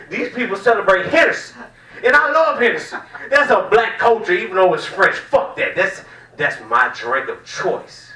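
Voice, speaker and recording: A man from the American South doing a loud, profane, rambling stand-up set in a small cafe comedy room. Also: fairly high pitch. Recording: echoey room, mic at a distance.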